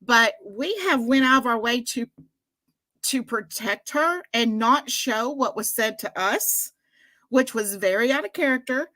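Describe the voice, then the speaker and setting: List: woman, fairly high voice, blunt, defensive, casual livestream co-host. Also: pushed and bright, low-quality recording.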